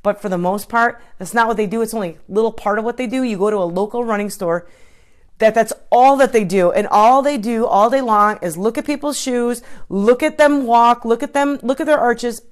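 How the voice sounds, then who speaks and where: A woman's voice: on the high side, brisk. A woman coach giving an informal live-streamed talk, chatty, with many restarts and asides to her viewers. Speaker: triathlon coach.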